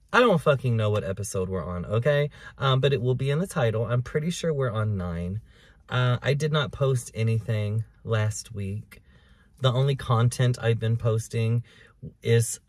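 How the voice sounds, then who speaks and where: Hosting his own podcast, a man with a mid-range voice delivers a casual personal monologue that's candid, emotional, rambling and profane. The recording is dry.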